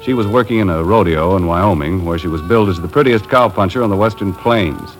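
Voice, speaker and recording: An actor playing a dry, laconic boat captain who narrates a 1950s radio drama, heard in an old broadcast recording with music behind him. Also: male voice, low-pitched, fairly quick, lightly acted. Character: easygoing boat captain narrator, adult man.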